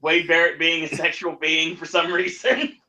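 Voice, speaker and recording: A man's voice: on the high side, flat delivery, normal speed, pushed and bright. A man co-hosting a podcast in casual chat, who laughs often and joins in the banter. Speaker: podcast co-host.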